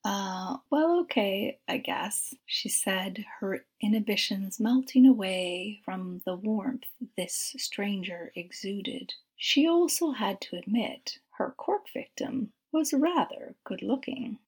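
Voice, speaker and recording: A woman narrating a story in a soft, breathy, half-whispered voice. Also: medium pitch, animated, takes it slowly, few pauses.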